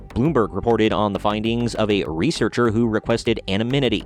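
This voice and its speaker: A man's voice: on the low side, brisk, few pauses, soft background music. A man hosting a commentary video, reading out news articles and adding blunt, sarcastic remarks of his own. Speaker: commentary channel host.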